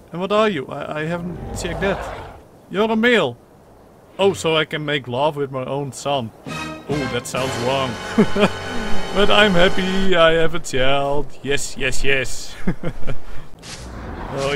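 A young man hosting a let's play, talking excitedly over his gameplay with strings of repeated words, bursts of laughter, and playful lines as the mother creature he controls. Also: fairly high pitch, takes it slowly, long pauses, over music. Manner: playfully role-plays as the mother creature in the game. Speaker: gaming channel host.

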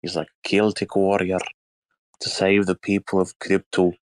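A man's voice: low voice, completely flat delivery, normal speed, a little hiss or hum. A man chatting as a guest in a crypto talk space, playful and joking, sometimes putting on a fake accent. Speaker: guest speaker. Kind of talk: casual chat.

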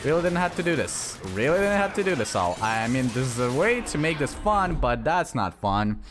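A man talks through a shooter game, his voice leaping around from mutters to high, frustrated yells. He swears freely, and game music plays behind him. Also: moderate pace. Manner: excitable, swearing, yelling at enemies. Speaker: gaming channel host. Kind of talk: let's play commentary.

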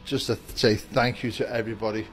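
A low-voiced man talks casually to camera from inside a shop with its door open. He is upbeat and rambling as he greets viewers, with soft music playing faintly behind him. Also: level tone, fairly quick. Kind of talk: casual vlog chat to camera.

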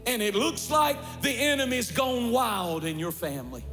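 A male pastor preaching a passionate sermon in a large church, building up to shouts. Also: very high voice, sing-song, moderate pace, long reverb tail, faint music behind.

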